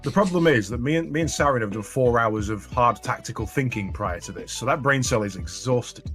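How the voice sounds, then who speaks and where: A man's voice: mid-range voice, animated, brisk, a bit bright, faint music behind. A man with a mid-range voice co-hosts a gaming podcast, chatting casually. He rambles through stories in a self-mocking way and chuckles at his own blunders. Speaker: podcast co-host. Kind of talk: casual chat.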